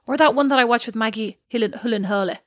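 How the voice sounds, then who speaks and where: A woman's voice: on the high side, fairly even intonation, racing, dry recording, studio quality. A woman co-hosting a podcast in casual chat, who rambles and laughs at her own jokes. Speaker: podcast co-host.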